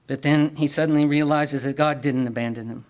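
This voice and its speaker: Man, preacher, sermon, earnest, asks questions, repeats words, fairly high voice. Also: fairly even intonation, brisk, darkish tone.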